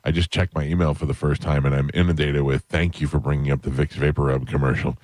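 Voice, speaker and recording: Deep-voiced man hosting morning radio. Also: fast, no room sound, clean studio sound. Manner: rambling, animated storytelling. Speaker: radio show host. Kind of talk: casual morning radio chat.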